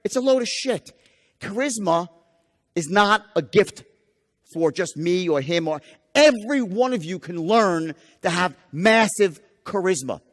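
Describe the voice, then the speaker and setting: A man's voice: high-pitched, animated, a little slow. A man giving a live sales training seminar, emphatic and profane, firing rhetorical questions at the audience. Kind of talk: live motivational seminar lecture. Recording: long hall reverb.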